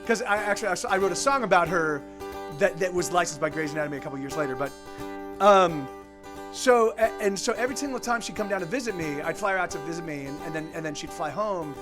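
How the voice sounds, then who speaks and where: A man with a high voice talks to his live-stream viewers in a loose, rambling way, circling back and restarting his sentences, now and then dropping a curse. Faint music plays softly behind him. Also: lively intonation, fast. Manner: rambling, with many restarts and casual swearing.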